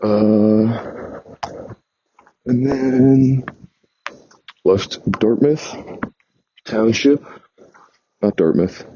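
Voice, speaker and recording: With a fairly low, warm voice and a breathy edge, a New York man chats casually about his travels. The tale wanders, he often backtracks to correct himself, and the sound is dull and lo-fi.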